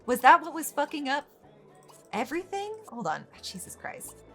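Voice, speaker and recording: A woman's voice: high voice, sing-song, moderate pace, soft background music. A woman hosting casual gameplay commentary, exasperated, swearing freely and laughing often. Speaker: gaming channel host.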